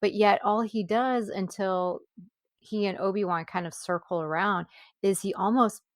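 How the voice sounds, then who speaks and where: A woman's voice: medium pitch, fairly even intonation, normal speed, no room sound, clean studio sound. A woman co-hosting a podcast, talking over a film in a reflective, casual chat. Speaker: podcast co-host.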